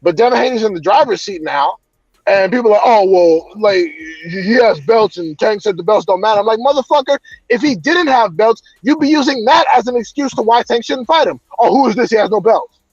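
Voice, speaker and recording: A man's voice: sits high, brisk, husky, dry recording, lo-fi sound. A man ranting heatedly about boxing in a casual chat, cursing often. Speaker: boxing commentator.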